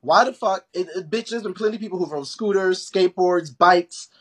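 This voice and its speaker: A man hosting a live stream, excitable, cursing and pressing his guest for the story. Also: sits high, brisk, husky. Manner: excitable, cursing, talks over in bursts.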